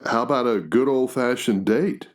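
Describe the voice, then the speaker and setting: A man's voice: mid-range voice, normal speed, voice pushed up, close to an everyday voice. A man reading a storybook, voicing a young man who is charming but can sneer and tease. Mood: coaxing. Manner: teasing, sneering at times. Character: young man, charming yet sharp-tongued.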